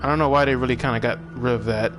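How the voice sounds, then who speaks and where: A man's voice: medium pitch, fairly even intonation, very fast, music in the background. Laid-back young man streaming a game. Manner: laid-back, chatty, thinks aloud while playing. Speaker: gaming streamer. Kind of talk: casual live gameplay commentary.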